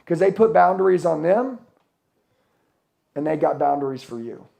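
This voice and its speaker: A middle-aged man with a slightly high, gravelly voice preaches hustle and mindset to a conference crowd. He is blunt and fired-up, swears freely, and keeps throwing questions at the listeners. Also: animated, moderate pace, mellow. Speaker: motivational speaker. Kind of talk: profane motivational speech to a live audience. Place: conference hall with a live audience.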